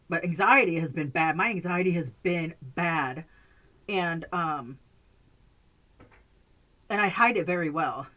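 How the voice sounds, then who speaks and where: A woman's voice: lowish voice, pushed and bright, lo-fi sound. A woman chatting casually to camera from a bedroom at home, rambling and laughing often. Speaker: vlogger.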